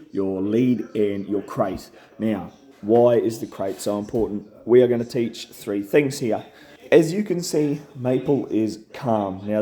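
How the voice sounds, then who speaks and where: A man's voice: mid-range voice, dark tone. A young man giving a casual, plain-spoken dog training lesson, often checking in with "okay?". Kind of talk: casual instructional talk.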